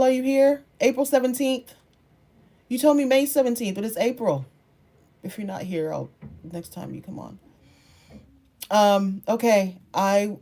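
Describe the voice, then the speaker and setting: A woman content creator chats casually on a livestream, reading comments and answering viewers directly. She's animated and laughs often, shifting between soft musing and excited outbursts, in a fairly low voice.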